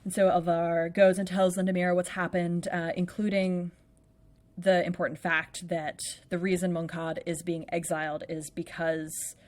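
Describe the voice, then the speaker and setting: Chatty woman recapping a play, with a slightly low voice. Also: little pitch movement, normal speed, darkish tone. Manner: chatty, playful, lots of "like". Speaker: podcast co-host. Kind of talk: casual chat recapping a play.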